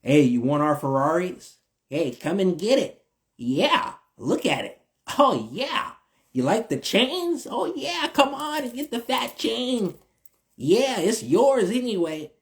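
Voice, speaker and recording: A smug tempter dangles his riches with teasing, drawn-out taunts, as a man puts him on. The voice climbs well above a normal speaking pitch and swoops up and down as it mocks. It is a vlog-style put-on voice. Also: big pitch swings, exaggerated voice. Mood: taunting.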